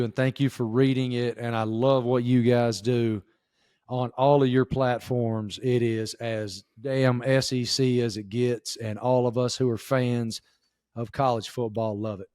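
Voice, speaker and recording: A middle-aged man with a Southern Appalachian accent, chatting as a podcast guest and telling stories in a lively, folksy way. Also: mid-range voice, unhurried, smooth, no echo, clean studio sound. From southwestern Virginia. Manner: animated storyteller, folksy drawl. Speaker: guest, sports reporter. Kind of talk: casual podcast chat.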